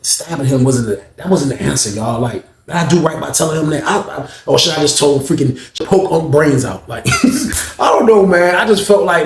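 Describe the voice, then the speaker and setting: Male storyteller, relaxed and slangy, middle-pitched, recorded in an echoey room. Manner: loose, slangy, keeps saying "man" and "bro". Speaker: storyteller recounting prison life. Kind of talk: casual storytelling monologue.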